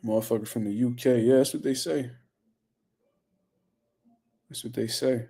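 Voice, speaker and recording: A man's voice: mid-range voice, fairly even intonation, normal speed, dark tone, breathy edge. A man hosting a boxing news show, talking casually in a loose, profane, rambling way while reading viewer comments.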